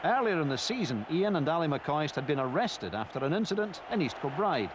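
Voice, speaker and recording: A man giving measured, expressive scripted narration for a sports documentary. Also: a little high, noisy background.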